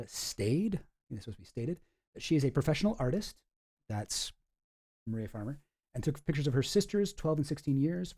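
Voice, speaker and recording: A man's voice: mid-range voice, warm tone. A man giving casual, rambling commentary with lots of fillers, reading documents aloud as he goes.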